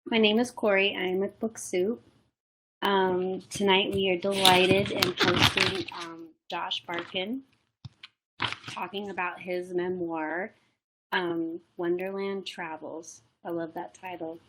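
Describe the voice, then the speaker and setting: A woman's voice: lowish voice, little pitch movement, slow, background noise. Apologetic woman host with hiccups. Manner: hesitant, apologetic, many fillers. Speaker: bookstore event host. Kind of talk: live online event introduction.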